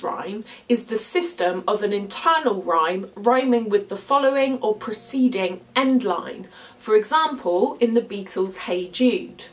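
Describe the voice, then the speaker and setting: A young woman, hosting a poetry channel and explaining ideas in a clear, upbeat scripted talk. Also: fairly high pitch, expressive, poor audio. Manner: clear, upbeat explainer who slows down to read quoted verse. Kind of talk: scripted educational talk to camera.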